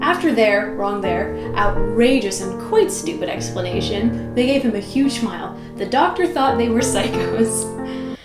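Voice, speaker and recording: A woman's voice: medium pitch, expressive, measured pace, roomy sound, over loud music. A woman in her twenties reading her childhood story aloud, with giggly, self-mocking asides. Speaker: YouTuber.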